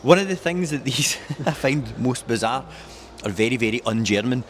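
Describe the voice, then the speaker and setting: A man's voice: mid-range voice, expressive, moderate pace, a bit bright. Male car dealer, mid-range voice, jokey and keen, faint room noise behind. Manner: enthusiastic, jokey, rattles off specs. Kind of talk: casual walkaround chat.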